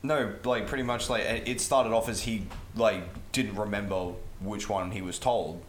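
Low-voiced Australian man, rambling chat. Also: fairly even intonation, moderate pace, a little hiss or hum. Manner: rambling, filler-heavy storytelling. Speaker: podcast co-host. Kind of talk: casual chat.

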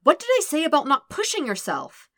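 A woman reading a fan podcast story, voicing a teenage girl healer who scolds, then speaks patiently, with a higher voice than the narration. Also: sing-song, normal speed, a bit bright. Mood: scolding. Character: teenage girl healer, bossy but caring.

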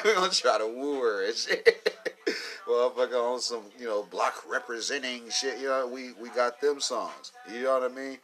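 A commentator with a lowish, slightly bright voice delivers a loose, rambling monologue. He swears freely, laughs a lot, and fills the gaps with plenty of filler words.

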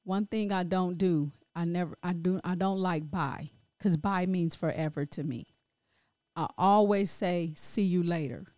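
Slow, halting middle-aged woman in grief. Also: fairly low pitch, warm tone, dry recording. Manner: halting, emotional, many restarts. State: grief-stricken. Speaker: grieving mother sharing her story. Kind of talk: personal spoken monologue.

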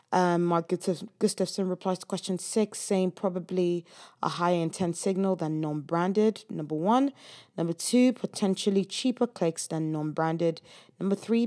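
Woman, low-pitched, casual host, chatty, lots of ums. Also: darkish tone. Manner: chatty with frequent ums and small laughs. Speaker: podcast host recapping a chat. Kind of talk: casual recap reading out quotes.

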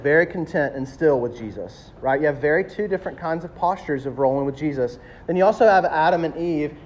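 A man, preaching a sermon as a pastor, emphatic and animated, slowing down to stress key words. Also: on the high side. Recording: dull lo-fi sound with faint ambience.

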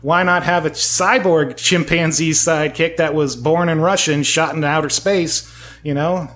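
A man's voice: on the high side, fairly even intonation, normal speed, a bit bright. A man in his forties chatting as an interview guest, rambling and self-mocking, laughing often. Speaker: guest, audio drama maker. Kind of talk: casual interview chat.

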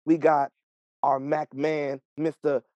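Man, wrestling podcast co-host, playful, slightly high voice, dry sound. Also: flat delivery, slow, a little mellow, no room sound, lo-fi sound. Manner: hyped, playful, punning. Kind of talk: excited wrestling podcast chat.

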